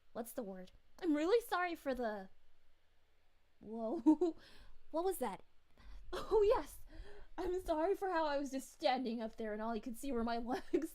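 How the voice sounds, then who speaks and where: A woman's voice: very high voice, a little mellow, heavily acted. A woman voicing a cheerful, gushing female city mayor in an in-character livestream, bubbly, giggly and sweetly polite. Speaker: VTuber streamer.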